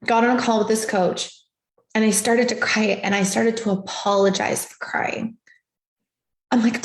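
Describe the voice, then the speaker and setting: A woman's voice: on the high side, fairly even intonation, normal speed, pauses often, echoey room. A woman hosting a live stream as a life coach, giving an emphatic, repetitive motivational talk over a video call. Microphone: video call setup.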